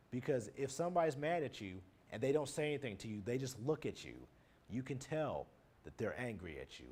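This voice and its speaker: In this recorded lecture on nonverbal communication, a married adult man speaks in a mid-range voice with a somewhat dark tone. Teaching his class plainly, he defines terms one by one and ties each to an everyday example.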